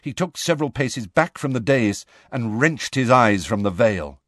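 A man reading a storybook aloud as audiobook narrator, in expressive scripted narration on a close studio mic. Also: medium pitch, normal speed, dry recording.

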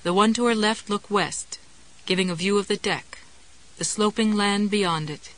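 A woman narrating a novel in a measured, wry storytelling manner. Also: mid-range voice, poor audio. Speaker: audiobook narrator. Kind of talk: scripted narration.

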